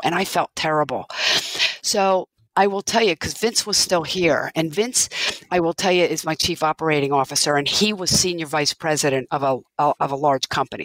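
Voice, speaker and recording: A woman's voice: low-pitched, a bit bright, no room sound, rough recording. Earnest woman business owner, dry sound. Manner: earnest, reflective, many restarts. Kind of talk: conversational interview storytelling.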